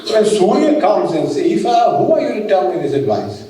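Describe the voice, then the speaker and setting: A man's voice: sits high, sing-song, warm tone, slight background noise. A man as a swami giving a spiritual discourse on an old epic, checking in with listeners through "huh?" tags and chanting verses. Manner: frequent questioning "huh?" tags to the audience; chants Sanskrit verses rapidly. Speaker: swami giving a scripture talk. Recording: echoey room, voice from a distance.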